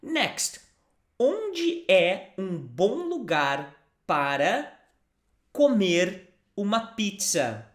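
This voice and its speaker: A language teacher from Brazil speaks English with a Brazilian accent, moving at an unhurried, deliberate pace. Phrases come twice or three times so the learner can copy them, with patient repetition. The voice rings in an echoey room. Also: mid-range voice, big pitch swings. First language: Portuguese. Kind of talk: language lesson.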